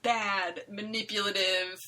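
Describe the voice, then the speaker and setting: On a podcast she co-hosts, a woman chats casually about a webcomic, sounding animated and emphatic and using lots of fillers. Her voice is medium in pitch and a little slow, and the audio quality is poor.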